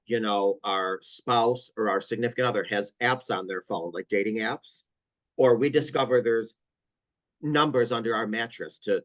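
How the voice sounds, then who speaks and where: A man's voice: medium pitch, no echo, low-quality recording. A man speaking as a trauma counselor on an interview podcast, explaining earnestly with vivid stories and repeated emphasis.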